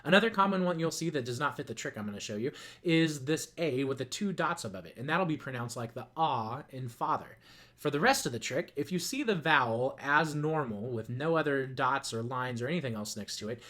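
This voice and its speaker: A man's voice: mid-range voice, lively intonation, brisk, pushed and bright. Playful man teaching a lesson. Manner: playful, joking asides. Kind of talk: scripted lesson narration.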